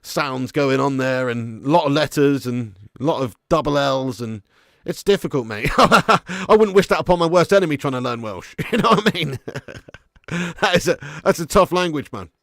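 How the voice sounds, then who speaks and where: A man from England hosting a live football watch-along, chatting casually and reading viewer comments, with sudden excited bursts. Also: on the high side, normal speed, dry recording, clean studio sound. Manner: chatty, laddish, swings from mumbling to excited bursts.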